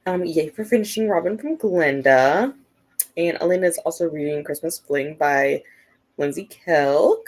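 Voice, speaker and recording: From her computer at home, a woman hosts a casual livestream, chatting and reading viewer comments aloud with many "like" and "um" fillers. Her voice is low and darkish, and she speaks unhurriedly.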